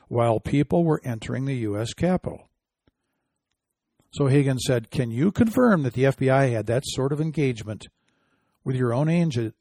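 A man's voice: mid-range voice, mellow, no echo, studio quality. A man hosting an opinion commentary show, reading quotes aloud and answering them with indignant, scoffing remarks.

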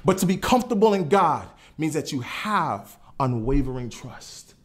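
A man's voice: fairly high pitch, moderate pace. A man preaching a sermon in a conversational way, asking his listeners questions and telling them to write things down. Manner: animated, conversational, asks the audience questions. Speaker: pastor.

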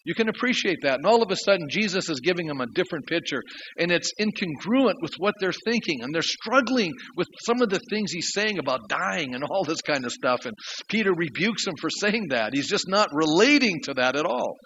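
A pastor delivers his sermon with earnest, storytelling emphasis, his voice rising sharply and then dropping low. He speaks with a fairly high pitch for a man. The recording is somewhat muffled, with a faint hiss underneath. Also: animated, a little fast, fairly bright tone.

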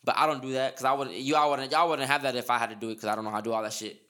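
A man's voice: medium pitch, fairly even intonation, rapid-fire, pushed and bright. A man hosting a podcast in casual chat, rambling with slang and lots of restarts. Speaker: podcast host.

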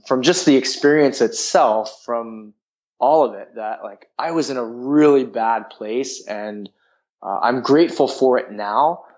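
Rambling man with a dull lo-fi sound. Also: medium pitch. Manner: rambling, frank, heavy use of filler words. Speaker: guest. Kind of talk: candid personal storytelling.

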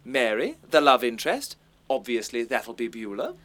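A bossy, self-important director with a posh English accent in a radio comedy. He lectures everyone in a lofty tone, and his pitch rises and falls widely. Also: sing-song, normal speed, bright, forceful tone. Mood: pompous. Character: pompous, bossy middle-aged male director. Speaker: amateur theatre director.

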